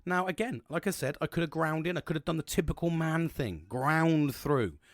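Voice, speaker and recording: A man's voice: on the high side, animated, moderate pace, dry recording, studio quality. Blunt, swearing man. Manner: candid and blunt, swears freely, rambling with restarts. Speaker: podcast host. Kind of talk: casual solo podcast monologue.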